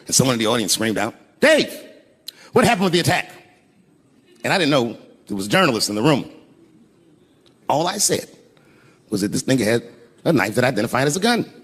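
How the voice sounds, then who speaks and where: Middle-aged male stand-up, animated storyteller, swooping delivery; live theater reverb with clear crowd ambience. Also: medium pitch, fast talker, pauses often. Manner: animated, swings from hushed asides to loud outbursts. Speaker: stand-up comedian. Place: large theater stage. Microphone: stage microphone.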